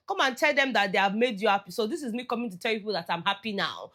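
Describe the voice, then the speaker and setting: A woman's voice: medium pitch, expressive, quick pace, hardly any pauses, fairly bright tone. A woman with a Nigerian accent chatting through a reality show recap, slipping into Pidgin phrases as she goes. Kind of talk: casual commentary.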